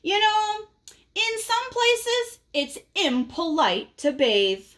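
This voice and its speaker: A woman's voice: very high-pitched, big pitch swings, a bit bright, voice pushed up, heavily acted. A woman voicing a stubborn, grumpy young male pigeon who drags out excuses in a storybook read-aloud. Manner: whiny, drawn-out excuses.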